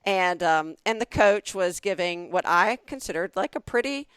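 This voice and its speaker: A woman in her forties with a Southern US accent, co-hosting a podcast and telling a comic story in a lively way, acting out other people's lines. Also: on the low side, normal speed, clean tone, no room sound. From Southern United States. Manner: animated, acts out other people's voices in her stories. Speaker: podcast co-host. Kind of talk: casual comedic storytelling.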